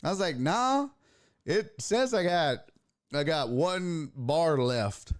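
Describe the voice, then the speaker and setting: Profane, animated man telling a story. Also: on the high side, slow pace. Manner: profane, rambling anecdote with lively impressions. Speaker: sports talk show host. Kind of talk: casual storytelling on a live stream.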